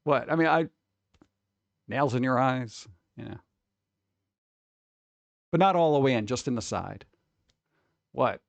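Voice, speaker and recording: A man hosting a casual live stream, rambling and mocking things with sudden jumps up into a high voice. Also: animated, takes it slowly, creaky, long pauses, no room sound. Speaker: streamer host.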